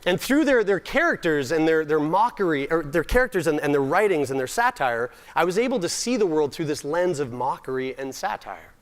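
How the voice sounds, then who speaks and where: A young man from Nova Scotia with a fairly high voice tells funny stories about himself to a summit audience. He often restarts his sentences and uses comic timing. His tone is self-mocking. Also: sing-song, brisk, hardly any pauses. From Nova Scotia, Canada. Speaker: summit speaker. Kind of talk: humorous personal storytelling talk.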